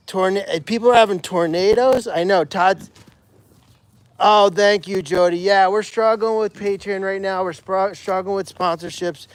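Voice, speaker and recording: Outdoors at an animal sanctuary, a man with a notably high voice hosts a casual, unhurried livestream. Between tasks he chats easily with viewers and feeds the animals, calling each by name.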